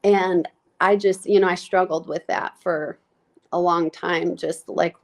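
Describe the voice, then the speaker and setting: A woman nurse practitioner speaking candidly in an interview, reflective and halting, with many fillers and restarts, close to tears as she talks. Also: on the low side, steady tone, vocal fry.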